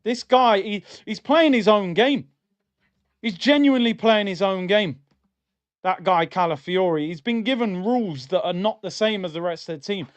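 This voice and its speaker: A man's voice: sits high, moderate pace, highs cut off. A young adult man hosting a live football watchalong stream, reacting to the match and reading out chat messages in an exasperated, slangy rant.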